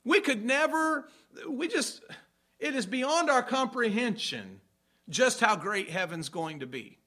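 A man delivers a sermon as a pastor, his voice pitched high and bright in tone. He preaches emphatically, hammering home points by repeating them and stopping to ask whether the congregation follows. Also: animated, measured pace.

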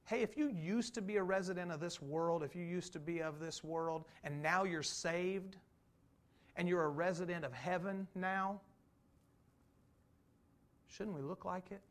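A man preaching a conversational sermon, full of rhetorical questions, swinging between loud emphasis and slow, quiet stresses. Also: high voice. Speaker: pastor.

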